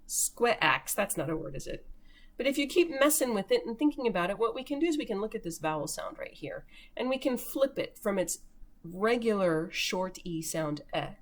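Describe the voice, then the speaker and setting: A woman teacher giving a recorded remote lesson to young children, slowly sounding out words for early readers. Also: mid-range voice, lively intonation.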